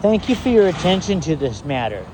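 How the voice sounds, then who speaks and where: A man's voice: a little high, big pitch swings, fairly quick, noisy background. A man vlogging to camera in an angry, rambling rant, swearing heavily and sounding exasperated.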